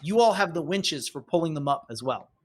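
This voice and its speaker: A man running a tabletop game as game master, his voice a bit higher than average. He narrates in a rambling, animated way, full of "like" and "um.". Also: a little fast. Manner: rambling, filler-heavy, animated.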